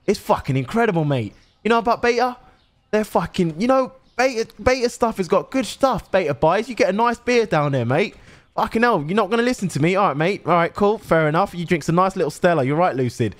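A man's voice: high voice, animated, voice pushed up. A young man playing a friendly shopkeeper who calls out prices and serves customers. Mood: hawking. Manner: brisk, friendly shop-worker patter. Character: cheery male shopkeeper touting and serving at a till.

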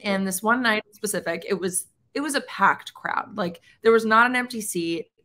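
Give me a country singer from Canada, a woman with a bright, clear tone, talking casually in an interview. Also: medium pitch, normal speed. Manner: chatty, many "like" and "um" fillers.

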